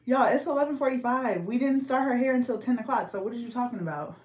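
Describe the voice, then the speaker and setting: A woman's voice: fairly high pitch, fast talker, darkish tone. A young pregnant woman from the Bay Area chatting casually on a livestream while she does hair, reading viewer comments aloud in slangy speech. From California, Bay Area. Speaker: hairstylist and livestream host. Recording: echoey room.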